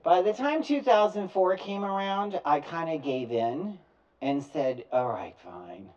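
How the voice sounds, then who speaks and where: Man, storytelling talk, animated, plays out both ends of calls; distant dull recording. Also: sits high, a little slow. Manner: animated, acts out both sides of phone calls. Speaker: speaker telling his story.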